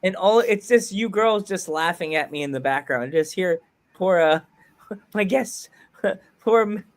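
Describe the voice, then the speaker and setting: A man's voice: high-pitched, animated, unhurried. A man hosting a podcast in casual chat, playful and jokey, laughing at himself. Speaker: podcast host.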